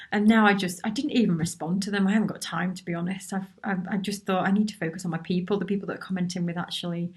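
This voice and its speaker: A woman's voice: lowish voice, fairly even intonation, fast. A woman hosting a casual live Q&A, chatty and encouraging, reading out viewers' comments and replying to them. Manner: chatty and encouraging, with many restarts and asides. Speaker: workshop host answering viewer questions.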